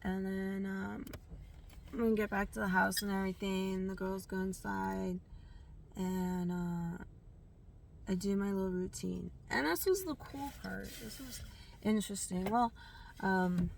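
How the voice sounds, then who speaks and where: A woman's voice: medium pitch, fairly even intonation, a little slow, creaky, recorded from a distance, slight background noise. A woman vlogger telling a personal story in a rambling, candid way, with lots of fillers and restarts.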